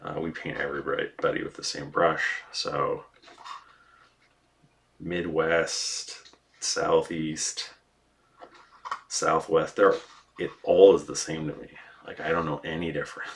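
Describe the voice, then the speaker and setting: A craft streamer from the US Northeast chats casually with his viewers, rambling, poking fun at himself and swearing freely. His rumbling low voice moves little in pitch, and he talks slowly with long pauses.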